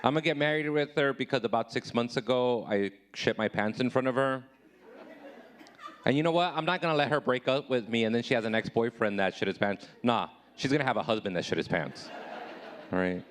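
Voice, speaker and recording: Man, thirties, live stand-up set, self-deprecating, average pitch, voice shooting up on punchlines. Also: a little fast. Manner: self-deprecating, swings high and loud when acting out his own replies. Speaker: stand-up comedian.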